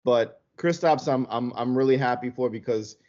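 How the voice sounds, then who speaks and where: A man co-hosting a sports podcast, excitable and profane in casual chat. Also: moderate pace, highs cut off. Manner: excitable, swears, pitch jumps up when hyped. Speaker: podcast co-host.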